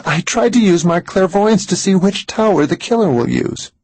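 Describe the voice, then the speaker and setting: A man voicing a frightened psychic woman in an audiobook, his voice pushed much higher and louder than his narration, husky and tense. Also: huge pitch swings, slow, no room sound, exaggerated voice. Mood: urgent. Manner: pitch jumps high and loud when pleading.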